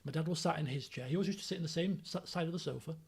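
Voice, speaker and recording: A man in his thirties tells rambling anecdotes on a live stream and acts out the people in them. His voice sits high for a man, with a gravelly, husky edge. Faint music plays behind him. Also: rapid-fire. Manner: animated, rambling anecdotes with acted-out quotes. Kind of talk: casual storytelling on a live stream.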